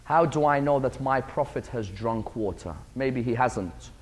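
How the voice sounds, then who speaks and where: A male lecturer voicing a devoted, humble man in a retold story, speaking earnestly and low. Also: measured pace, close to an everyday voice. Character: devoted, humble old desert companion, man.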